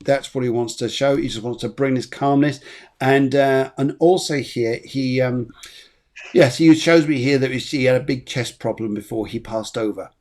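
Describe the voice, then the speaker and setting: Soft-spoken man hosting a medium show. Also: medium pitch, steady tone, moderate pace. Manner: soft, enthusiastic, repeats himself. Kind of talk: live spiritual reading.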